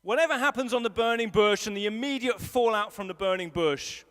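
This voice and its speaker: This preacher's voice sits high, with a fairly bright, smooth tone and a brisk pace. He delivers his sermon at a live service in a big hall, talking conversationally and hammering home his points through repetition.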